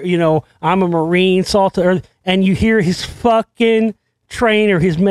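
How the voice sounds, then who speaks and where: Rambling excitable male show host. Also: high voice, clean tone, dry recording. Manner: rambling, excitable, swears, many restarts. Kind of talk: conspiracy commentary monologue.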